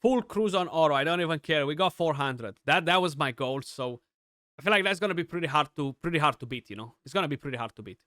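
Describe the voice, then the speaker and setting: A young man giving chatty, excitable live commentary on his gameplay, with many restarts and fillers. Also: a little high, fast, no room sound, clean studio sound. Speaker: gaming streamer.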